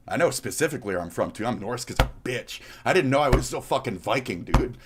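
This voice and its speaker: A man's voice: on the low side, animated, a little fast, slightly rough. A man from Minnesota, live-streaming and reacting to clips, talking in a blunt, profane way. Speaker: livestreamer.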